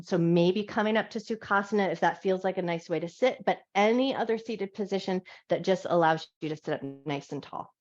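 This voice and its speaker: Gentle woman guiding a yoga class. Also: on the low side, fairly quick, hardly any pauses. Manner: gentle, soothing cues. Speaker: yoga teacher. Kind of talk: guided yoga instruction. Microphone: clip-on mic. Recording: dull lo-fi live class audio.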